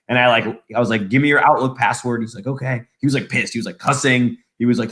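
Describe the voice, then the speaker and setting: A young adult man co-hosting a podcast, telling stories in casual chat with laughs and animated impressions. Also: mid-range voice, fast, hardly any pauses. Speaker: podcast co-host.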